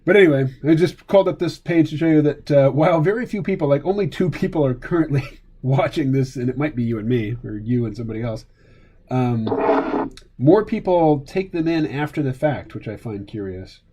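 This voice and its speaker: A man's voice: medium pitch, expressive, fairly quick, dark tone, slightly rough. A man streaming while he draws, chatting casually in a wry, rambling way and laughing often. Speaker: streamer and cartoonist. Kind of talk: casual chat while drawing.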